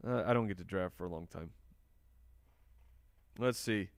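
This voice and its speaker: Gravelly-voiced man chatting on a live stream. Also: low voice, moderate pace, pauses often, no room sound, clean studio sound. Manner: chatty, answers viewer questions while drafting. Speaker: fantasy football podcast host. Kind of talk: live-stream casual commentary and chat.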